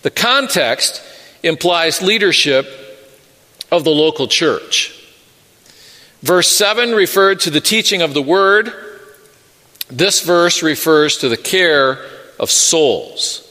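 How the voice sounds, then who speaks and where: A middle-aged man, a pastor, preaching an earnest sermon with measured pauses and personal stories. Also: a little high, animated, bright, forceful tone. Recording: long reverb of a large hall.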